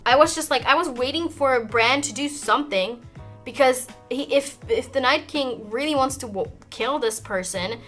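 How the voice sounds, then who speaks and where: A woman's voice: sits high, moderate pace, fairly bright tone, faint music behind. A woman who speaks English as a second language, ranting in a frustrated, swearing way full of fillers and restarts. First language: not English. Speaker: vlogger. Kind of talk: ranting while doing makeup.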